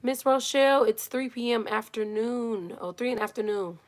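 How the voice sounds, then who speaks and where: A woman hosting a casual live Q&A stream from a phone in a small home closet. She is chatty and animated, greets viewers by name and drops into soft muttered asides. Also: fairly high pitch, normal speed.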